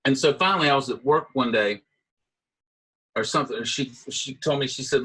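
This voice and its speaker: Guest: middle-aged man, husky voice, lively storyteller who acts out the people he quotes. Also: mid-range voice, a little fast, long pauses, rough recording. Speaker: interview guest, guitarist. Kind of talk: casual storytelling.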